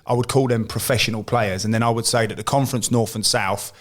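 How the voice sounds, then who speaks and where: A man's voice: lowish voice, steady tone, quick pace. A middle-aged man, a former footballer and manager, telling rambling anecdotes on a podcast. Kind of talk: casual storytelling chat.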